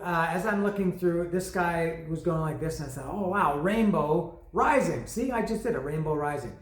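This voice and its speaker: A man's voice: on the high side, fairly bright tone. A man hosting an album review show, telling a long story in a rambling, self-mocking way with many asides. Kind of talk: casual rambling monologue. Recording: echoey room.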